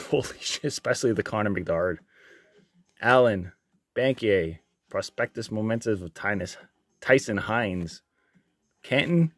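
A man opening trading card packs on his channel, reading out each card and getting loudly excited and swearing at the big pulls. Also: lowish voice, slight background noise. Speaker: card breaker. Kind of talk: casual card-opening vlog.

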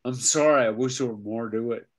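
An older man, a veteran voice actor and teacher, telling animated anecdotes as an interview guest. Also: mid-range voice, brisk. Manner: animated anecdotes, acts out quotes. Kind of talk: casual interview storytelling.

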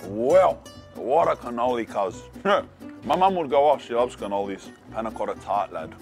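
An Australian man reviewing food in a casual vlog, talking in an excitable, slangy way. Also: mid-range voice, normal speed, gravelly, soft background music. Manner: slangy and excitable, calls the viewer "cuz". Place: cafes and city streets.

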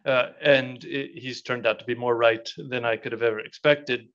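Solemn monk giving a keynote. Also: male voice, mid-range voice, steady tone, a bit bright, lo-fi sound. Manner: measured and solemn in the speech, hesitant with many fillers in answers. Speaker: monastic prior giving a keynote. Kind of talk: formal keynote speech, then Q&A answer. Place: conference hall.

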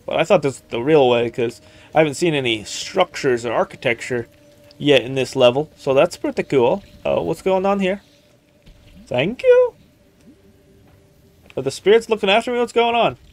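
A man's voice: fairly high pitch, animated, a little fast. A man streaming a video game, chatting casually and exclaiming at what happens, in a playful put-on country accent. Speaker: gaming streamer. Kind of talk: casual let's-play commentary.

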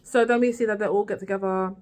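A woman's voice: medium pitch, steady tone, quick pace, darkish tone. Chatty woman rambling through a recap. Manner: chatty, rambling, with frequent "like" and "girl" asides. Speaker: vlogger reviewing a TV series. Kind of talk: casual chat recap.

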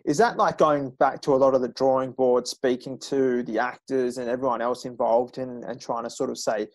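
A man's voice: medium pitch, steady tone, moderate pace. A man hosting a podcast, asking easygoing questions and giving brief acknowledgements. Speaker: podcast host. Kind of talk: interview questions.

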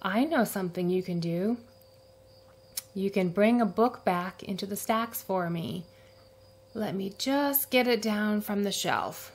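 A woman voicing a prim, strict woman librarian in a storybook, speaking slowly and precisely. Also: medium pitch, close to an everyday voice. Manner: slow, precise, raised for calls.

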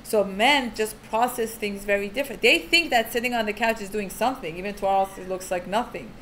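A woman's voice: mid-range voice, a little fast, a bit bright, slight background noise. Chatty woman explaining frankly. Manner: chatty, full of "like" fillers; frank, down-to-earth. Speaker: teacher of Jewish family purity laws. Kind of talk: casual explanatory talk.

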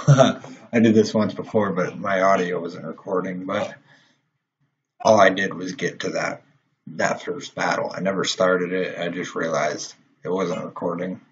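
A young man commentating his own gameplay, swearing often and quick to get frustrated. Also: low voice, little pitch movement. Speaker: gaming channel host. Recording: dull lo-fi mic with faint noise.

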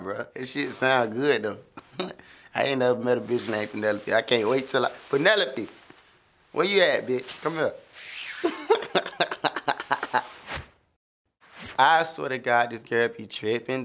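A man's voice: medium pitch, fairly bright tone, clean tone. A young man talking casually through his own song lyrics, loose and laughing, slipping into sung lines now and then. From Florida. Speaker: rapper explaining his lyrics.

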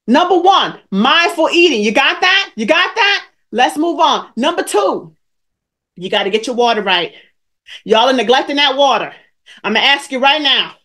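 High-pitched woman over 40 on a live stream, coaching folks, keeps repeating herself for emphasis, calling out names in chat. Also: animated, normal speed, bright, forceful tone. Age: 40s or older. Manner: emphatic, preachy, repeats lines for effect; calls out viewers in the chat by name. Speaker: weight-loss coach hosting a live stream.

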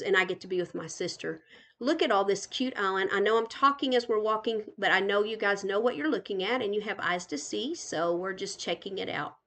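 A woman's voice: medium pitch, a bit bright. Gushing grandmother touring a game island. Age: older. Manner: gushing, chatty, giggly. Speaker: gaming channel host. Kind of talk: casual live game tour commentary.

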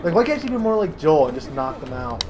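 A man's voice: fairly high pitch, very animated, fast, darkish tone, slight background noise. A young man co-hosting a let's play, chatting casually with wry, sweary remarks and laughing along. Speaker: co-host. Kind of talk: casual gaming commentary.

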